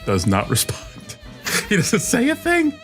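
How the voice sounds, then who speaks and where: A man's voice: very high voice, wildly swooping pitch, a little slow, fairly bright tone, faint music behind. A man hosting a podcast, telling a rambling story in a casual way, often restarting his sentences and laughing as he goes. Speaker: podcast host.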